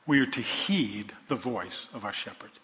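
A man's voice: on the low side, animated, moderate pace, fairly bright tone. A male pastor preaching a sermon, asking the congregation rhetorical questions and building to emphatic points. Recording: dull sound in a long-reverb hall.

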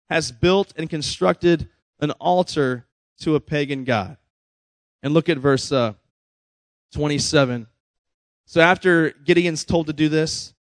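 A pastor with a fairly high-pitched voice preaches a sermon in a conversational style, recorded with no room sound. He keeps checking in with his listeners, often tossing in "right?" asides.

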